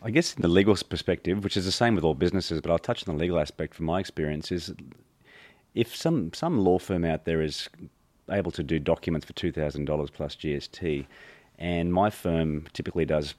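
A man's voice: sits low, brisk, darkish tone, dry recording. A man, a lawyer on a business panel, explaining in a matter-of-fact way. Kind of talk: business discussion.

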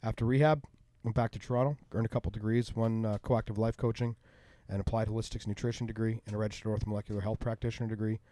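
A man's voice: fairly low pitch, fairly even intonation, quick pace, mellow, no room sound. A middle-aged man, a guest, telling personal stories casually and candidly, with profanity, acting out the people in them. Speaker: interview guest.

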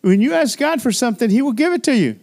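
An older male pastor preaches in a high, light voice. He moves between lively exhortation and chatty, laughing asides, as if talking straight to the congregation in church. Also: fast talker, creaky. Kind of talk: sermon.

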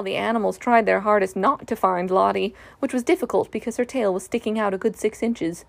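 A woman reading a children's storybook aloud in a gentle, even way. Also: medium pitch, fairly quick, vocal fry, hardly any pauses, no room sound.

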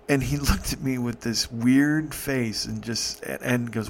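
A man hosting a podcast, telling a personal story in an emotional, profane way, halting and restarting. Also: medium pitch, steady tone, vocal fry, a little hiss or hum. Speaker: podcast host.

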